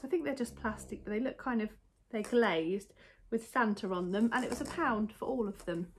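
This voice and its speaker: A woman's voice: fairly high pitch, moderate pace, a little hiss or hum. A woman chatting casually to viewers at home as she shows off a haul, rambling and interrupting herself. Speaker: vlogger showing a haul. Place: home, indoors. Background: faint dog snoring.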